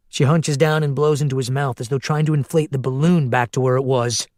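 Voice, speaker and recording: A male narrator reads a tense story in a steady, measured voice. His voice sits at a middle pitch, recorded dry and close with no room sound. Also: no room sound. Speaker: audiobook narrator. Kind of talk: scripted narration.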